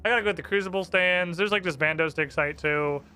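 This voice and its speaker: A man's voice: sits high, fast, bright, forceful tone, faint music behind. A male streamer chatting casually and animatedly over gameplay, full of fillers.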